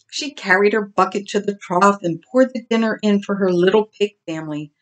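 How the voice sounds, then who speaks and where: An older woman, a grandmother, reading a children's story aloud in a gentle, expressive way. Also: medium pitch, brisk, few pauses.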